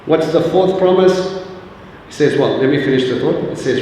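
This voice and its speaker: A man's voice: a little high, moderate pace, warm tone. Man, preacher, casual jokey sermon, asks the room questions, long hall reverb, faint background hum. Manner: chatty, jokey, questions the audience directly. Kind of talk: informal sermon to a congregation. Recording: echoey hall, distant mic, faint ambience.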